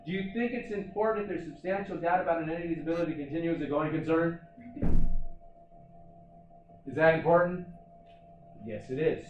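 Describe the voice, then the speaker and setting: A man lecturing on accounting to a class. He is animated and asks the class questions, then answers them himself. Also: on the high side, normal speed, pauses often, soft background music. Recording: echoey classroom, mic far off.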